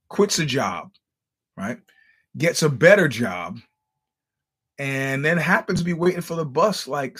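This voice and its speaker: A man's voice: medium pitch, fairly bright tone, breathy edge. A man hosting a podcast, telling stories in a casual monologue, wry and blunt, acting out the quoted dialogue and often stammering over restarts. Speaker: podcast host.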